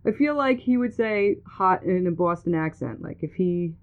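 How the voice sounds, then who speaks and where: Giggly lady telling jokey stories, lowish voice, sounds like a phone line. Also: expressive, moderate pace. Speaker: podcast host. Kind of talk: casual chat.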